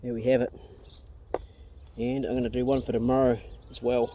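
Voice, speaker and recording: Recorded on a handheld phone or camera while he does farm chores outside, a middle-aged New Zealander with a local accent chats casually and bluntly for his vlog. He comes across easygoing, chatty and joking. His mid-range voice barely moves in pitch and has a warm tone at normal speed, with a little hiss or hum in the background.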